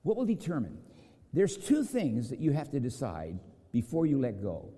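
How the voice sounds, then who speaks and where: A man preaching in a big hall where his voice rings out with a long echo. His tone is mellow and dark, and his pitch rises and falls a lot as he tells a story and plays the people in it. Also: normal speed. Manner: storytelling with acted quotes, lively pitch swings. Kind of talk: sermon.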